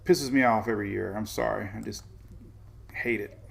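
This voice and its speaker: Gravelly rambling weather host, a man. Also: fairly low pitch, moderate pace. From Florida, United States. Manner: rambling, chatty, vents then jokes. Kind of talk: casual live weather talk.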